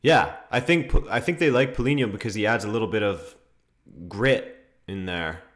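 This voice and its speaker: A man's voice: fairly low pitch, normal speed, fairly bright tone. A young man hosting a football watchalong stream, chatting casually, reading viewer comments and reacting to the match with laughs and exclamations.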